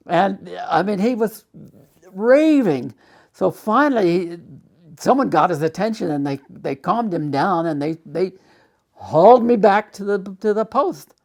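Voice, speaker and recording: In a documentary interview, an older man with a high-pitched, expressive voice tells a personal story. He keeps stopping and restarting, and his agitation rises as he goes.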